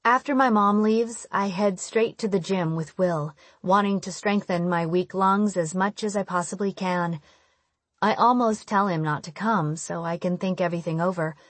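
A woman reading a first-person audiobook in a steady, intimate storytelling manner on a close microphone. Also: fairly low pitch, dry recording. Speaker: audiobook narrator. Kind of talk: first-person scripted narration.

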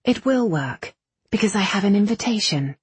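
A woman's voice: mid-range voice, animated, normal speed, slightly rough, no room sound, voice pushed up. A woman voicing a firm, composed young heroine in an audiobook, speaking firmly. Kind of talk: audiobook character voice.

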